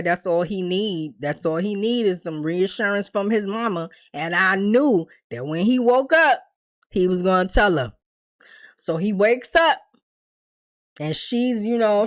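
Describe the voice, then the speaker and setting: A woman giving a casual TV recap, telling the story in a candid, animated way and acting out the characters' lines. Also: mid-range voice. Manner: candid, swears freely. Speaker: TV recap reviewer.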